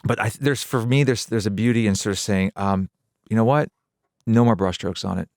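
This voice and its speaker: A middle-aged man speaks as a guest in a radio interview. His voice sits low, and he thinks aloud and restarts phrases. The studio sound is dry and close. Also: fairly even intonation, a little fast, a little mellow, no room sound. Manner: thoughtful, repeats words, laughs easily. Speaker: guest, pop producer and pianist.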